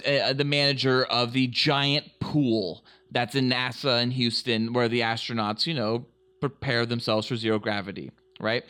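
A man's voice: medium pitch, sharp tone, clean tone. A man co-hosting a comedy podcast, rambling and profane and packing his talk with fillers. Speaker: podcast co-host. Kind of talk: casual comedy chat.

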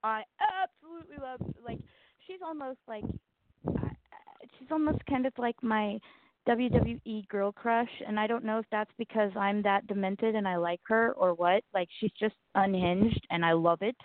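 A woman's voice: medium pitch, fairly even intonation, moderate pace, no room sound. Southern woman co-host, blunt and rambling, self-mocking, over a thin phone-like line. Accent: Southern American. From Southern United States. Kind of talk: casual chat. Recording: tinny phone-like line, dry.

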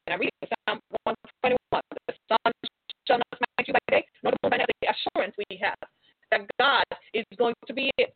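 A middle-aged woman hosting a radio sermon. She preaches fervently and swings from loud to hushed. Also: a little high, a little hiss or hum. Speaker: host and preacher. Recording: tinny phone-line sound.

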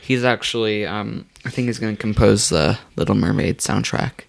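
Gravelly young man sharing fun facts. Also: lowish voice. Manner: shares fun facts, quick asides. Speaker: podcast co-host. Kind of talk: casual chat.

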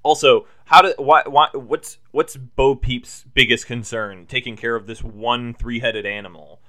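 A man co-hosting a podcast, joking around in casual chat and trailing off into quiet asides. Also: mid-range voice, steady tone, measured pace.

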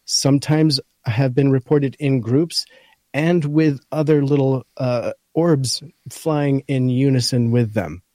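Male podcast co-host, scratchy and mellow, reads an article aloud point by point, dry close sound. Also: mid-range voice, steady tone, takes it slowly, no room sound. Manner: talks through a list point by point. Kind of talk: casual chat, reading from an article.

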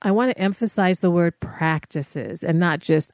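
A woman's voice: lowish voice, measured pace, hardly any pauses, a little mellow, no room sound, studio quality. A woman speaking casually to fellow artists, giving encouraging wellness advice with frequent fillers. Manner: conversational, encouraging, many fillers.

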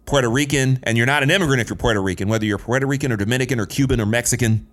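A man's voice: medium pitch, very fast, fairly bright tone. A man in his late thirties telling a personal story in an earnest, emphatic way, building his points through repetition. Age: late 30s.

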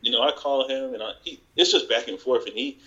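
A man appearing as a podcast guest tells work stories in casual chat, acting out the people he quotes in higher voices. He talks at a quick pace with a pushed, bright tone, and the audio sounds dull.

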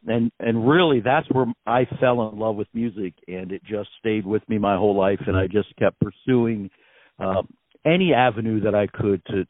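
A man's voice: medium pitch, no echo. American man on a tinny phone line. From United States. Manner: effusive and gracious, with many fillers. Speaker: guest musician on a phone interview. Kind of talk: phone interview, casual storytelling.

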